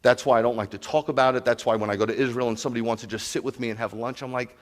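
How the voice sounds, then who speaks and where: Male pastor, mid-pitch, animated storyteller working a congregation in a sermon. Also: rapid-fire, few pauses. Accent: New York. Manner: animated, storytelling, asks the crowd questions.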